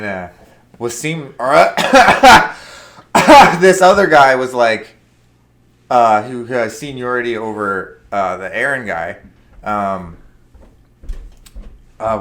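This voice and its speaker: A man's voice: mid-range voice, animated, slow, pauses often, fairly bright tone. Rambling young man telling a work story. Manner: rambling, with many fillers and acted-out quotes. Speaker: podcast co-host. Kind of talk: casual storytelling chat.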